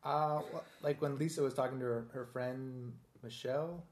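A man's voice: medium pitch, fairly even intonation, moderate pace, slight background noise. Hesitant, rambling man. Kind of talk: casual chat.

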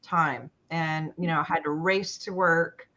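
A woman telling a personal story in a conversation, halting and full of fillers and restarts. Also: low-pitched, steady tone, pushed and bright. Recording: dull lo-fi sound.

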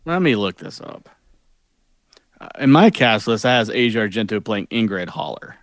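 A man co-hosting a show, talking about a movie in a hesitant, halting way with lots of fillers. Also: on the low side, animated, no echo. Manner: hesitant, many fillers and restarts. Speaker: podcast co-host. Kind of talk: casual movie discussion.

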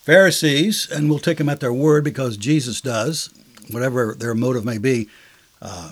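A man's voice: mid-range voice, moderate pace. A man teaching on a Bible passage in a conversational, explanatory way, with casual phrasing.

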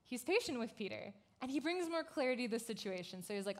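Woman pastor, youth sermon, fairly high voice, casual and animated, filler-heavy delivery. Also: fast. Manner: casual, conversational, frequent "like" fillers; animated storytelling.

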